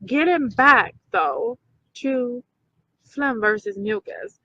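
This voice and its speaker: A woman's voice: a little high, slow pace, bright, forceful tone, dry recording, dull audio. A woman hosting a casual talk video for her viewers, emphatic, repeating points and checking in with "okay?". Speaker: video host.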